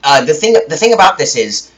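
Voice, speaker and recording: A man's voice: a little high, very animated, a little fast, a bit bright, poor audio. A young man ranting about a game in a rambling way, full of restarts and mock indignation. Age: young adult. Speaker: gaming video creator. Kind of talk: ranting commentary.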